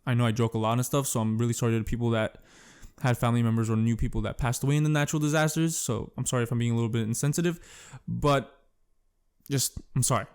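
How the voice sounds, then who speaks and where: A man's voice: medium pitch, fairly even intonation, fast, darkish tone, clear, resonant tone. A young man hosting a podcast alone, telling crude stories in a rambling way, full of fillers and self-corrections. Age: young adult. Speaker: podcast host. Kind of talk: casual solo storytelling.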